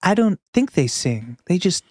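A man putting on a to play a famous filmmaker, delivering a slow, solemn, grandiose monologue. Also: sits high, big pitch swings, a little mellow, no room sound, studio quality, voice pushed up. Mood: grim, solemn. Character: impression of a famous German filmmaker, gloomy and grandiose.

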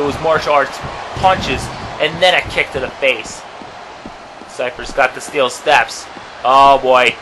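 A man doing excitable play-by-play commentary for an amateur wrestling match, dropping to low murmurs and then shouting at big moments. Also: a little hiss or hum, poor audio.

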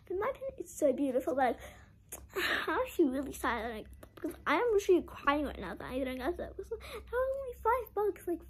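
Chatty young girl with a lively, high voice. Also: fast talker, poor audio. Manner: chatty, heavy use of "like", dramatic about being sad. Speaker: vlogger. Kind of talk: casual haul vlog.

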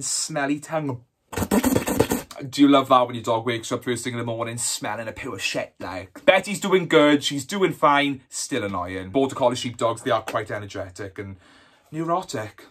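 Flamboyant, lively Welsh man. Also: on the high side. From Wales. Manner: flamboyant, camp, sassy, swears freely. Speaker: YouTuber. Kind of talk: casual Q&A vlog.

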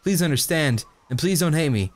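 A man reading a gentle young princess's lines aloud from a fanfic, his voice lifted slightly. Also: on the high side, expressive, brisk, lightly acted.

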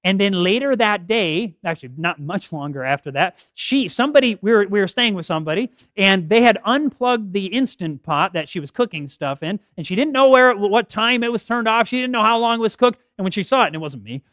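A middle-aged man giving a health talk at a church podium, telling stories with lively acted quotes. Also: high voice, a little fast, few pauses, no room sound, studio quality. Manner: animated storytelling with acted quotes. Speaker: health seminar speaker. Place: church hall. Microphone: podium mic.

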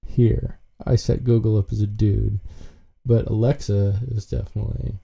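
A man's voice: fairly low pitch, flat delivery, normal speed, vocal fry, warm tone, breathy edge, dull audio. A man co-hosting a podcast in casual chat, rambling and stumbling over his words. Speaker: podcast co-host.

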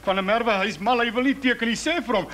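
An anxious, pleading government envoy. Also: male voice, very high-pitched, fast talker, a bit bright. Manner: persuasive, pleading, wheedling.

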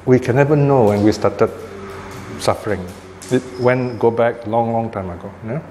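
A Buddhist teacher gives a dharma talk, explaining things patiently and often checking in with his listeners. His warm voice sits at medium pitch and moves at normal speed, recorded with long hall reverb and faint background noise.

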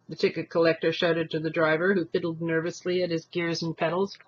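Husky male reader narrating a storybook, somewhat muffled recording. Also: a little high, brisk. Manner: expressive reading, voicing thoughts and characters. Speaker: audiobook reader.

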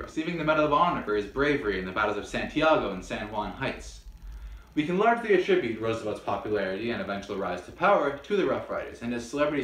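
A man's voice: medium pitch, a bit bright. A man presenting a scripted history lesson in a playful way, with jokey mock-dramatic outbursts. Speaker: history video host. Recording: roomy echo.

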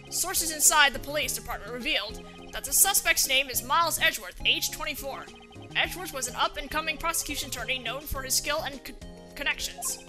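A woman voicing a TV news anchor in measured newsreader delivery, reading game dialogue. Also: high-pitched. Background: game music.

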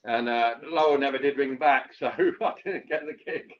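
A man's voice: medium pitch, normal speed, highs cut off. A man, a musician guest, telling a long story casually with many restarts and fillers.

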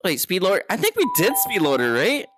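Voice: mid-range voice, huge pitch swings, a little fast, music in the background. A VTuber streamer in casual live chat, loose and playful, swearing freely, laughing often and thanking followers. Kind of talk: casual live-stream chat while exploring a virtual world. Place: at home, seated, streaming.

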